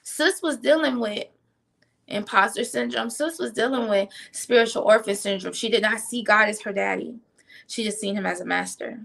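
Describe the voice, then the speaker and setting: A woman giving a conversational faith talk, animated, with slang asides and quick restarts. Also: medium pitch, vocal fry. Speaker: faith teacher. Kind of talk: conversational preaching.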